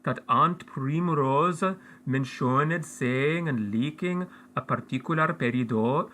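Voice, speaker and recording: A man reading aloud an interactive story in a measured way, as game master for his friends. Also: mid-range voice, sharp tone, a little hiss or hum, rough recording.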